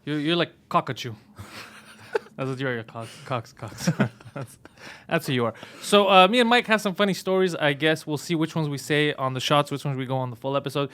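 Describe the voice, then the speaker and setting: A male podcast host opens the show and trades teasing jokes with his guests. His voice is high and very bright, with a cutting edge. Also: expressive, moderate pace. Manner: joking, teasing reactions. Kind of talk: casual podcast chat.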